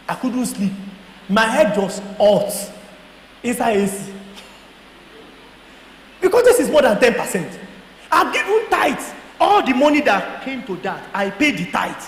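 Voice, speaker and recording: A Nigerian man telling a lively personal testimony to a church audience, acting out both sides of his conversations, at times laughing and shouting. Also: high-pitched, measured pace, long pauses. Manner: storytelling, acts out dialogue, laughs and shouts. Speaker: guest speaker. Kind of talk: animated testimony talk. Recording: echoey hall with faint noise.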